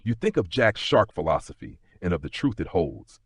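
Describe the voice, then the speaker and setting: Male sleep-story narrator, deep and husky, dry booth sound. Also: very animated, no room sound. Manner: slow, gentle, second-person telling.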